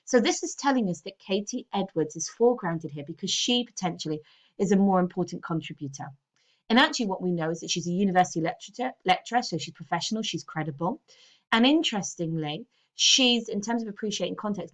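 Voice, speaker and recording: A woman's voice: mid-range voice, expressive, a little fast. Woman teacher explaining text analysis. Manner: explanatory, checks in with students often. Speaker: English teacher. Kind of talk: recorded classroom lesson.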